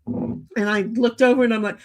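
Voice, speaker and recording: Woman, middle-aged, high voice, animated, rambling, casual chat. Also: moderate pace. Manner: chatty, rambling, animated, checks in with "okay?". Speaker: livestream host.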